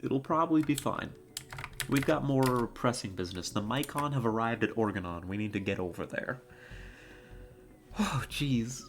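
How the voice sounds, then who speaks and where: A woman's voice: very deep voice, lively intonation, normal speed, slight background noise. A woman streaming a video game, talking casually and in an easily moved way, with lots of fillers and laughter. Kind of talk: casual live-stream commentary.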